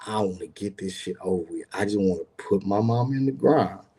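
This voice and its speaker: A man's voice: lowish voice, fairly quick, warm tone, breathy edge. A man telling a personal story in casual talk, rambling and repeating words, acting out the people he quotes. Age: adult with grown son.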